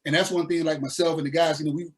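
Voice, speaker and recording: Man, fairly high voice, from the American South, laid-back animated storyteller, interview guest. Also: rapid-fire. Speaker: musician guest.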